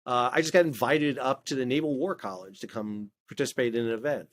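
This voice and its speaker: A man's voice: medium pitch, quick pace. A middle-aged man, a former ship officer, telling stories in a casual interview, restarting often and acting out dialogue. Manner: animated, many restarts, acts out quoted dialogue. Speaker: guest, maritime expert and video creator.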